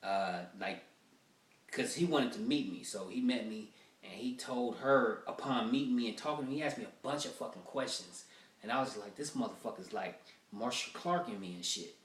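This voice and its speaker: A man's voice: medium pitch, normal speed, echoey room, far from the mic. Profane man rambling through a stand-up bit. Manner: profane, rambling storytelling with many fillers. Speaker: stand-up comedian. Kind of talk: rough-draft stand-up routine.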